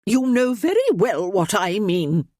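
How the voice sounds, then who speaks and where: A woman's voice: medium pitch, very animated, unhurried, a little mellow, dry recording, clean studio sound. A woman voicing an imperious elderly noblewoman who scolds and commands in a storybook reading.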